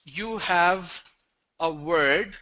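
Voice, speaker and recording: Male pronunciation trainer, high and bright, unhurried, drills words one by one on a video call. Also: poor audio. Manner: drills word lists slowly, stressing each sound; tells stories to the class. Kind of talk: online pronunciation lesson.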